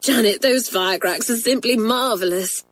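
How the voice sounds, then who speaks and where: A woman's voice: a little high, lively intonation, normal speed, dry recording, pitched above the performer's own voice. A woman reading aloud and voicing a cheeky schoolgirl who talks eagerly. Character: cheeky schoolgirl egging on pranks.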